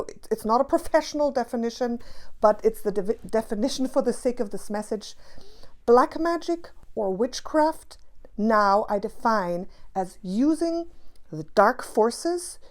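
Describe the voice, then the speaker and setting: A woman's voice: on the high side, darkish tone. A woman teaching spiritual practice to camera, passionate and emphatic, repeating key phrases for stress.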